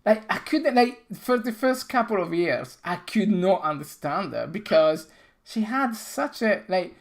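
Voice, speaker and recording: A middle-aged man hosting a game dev stream, chatting casually with halting, non-native phrasing and frequent restarts. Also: high voice, expressive, creaky. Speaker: game developer and stream host.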